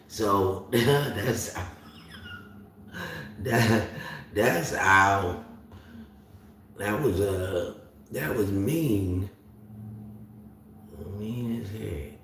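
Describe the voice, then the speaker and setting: A north Florida man with a Southern accent and a lowish, expressive voice hosts a livestream, rambling and drawling as he answers viewers' comments. He speaks very slowly with frequent pauses, recorded with a distant mic in a very echoey room with a little hiss or hum.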